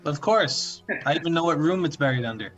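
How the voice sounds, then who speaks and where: A man's voice: on the high side, lively intonation, a little fast, a bit bright, faint music behind. A man playing in a tabletop game, talking in a blunt, offhand way. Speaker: player. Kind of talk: casual chat in a tabletop game.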